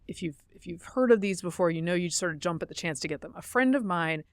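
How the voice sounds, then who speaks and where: A woman's voice: fairly low pitch, lively intonation, quick pace, no room sound, studio quality. A middle-aged woman co-hosting a podcast, telling stories in a chatty way, laughing easily and correcting herself. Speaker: podcast co-host. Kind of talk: casual chat.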